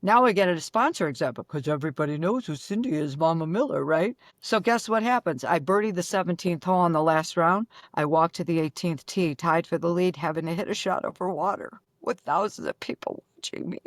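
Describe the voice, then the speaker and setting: An older woman from Buffalo, a guest telling brash, rapid-fire stories with acted-out dialogue. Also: mid-range voice, no echo, studio quality. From Buffalo, New York. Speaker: guest, former pro golfer. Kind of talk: animated storytelling.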